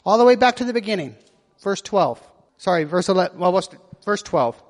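A man's voice: high-pitched, expressive, brisk, long reverb tail. A man preaching a sermon, reading scripture aloud and asking his listeners questions as he explains it. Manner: asks the listeners questions, reads verses with voiced quotes.

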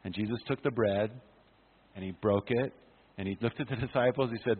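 Man, pastor, impassioned sermon, husky voice, tinny phone-like sound. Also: on the low side, fast talker. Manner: impassioned preaching, swings from loud to hushed. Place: conference hall. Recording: phone-like sound with long hall reverb.

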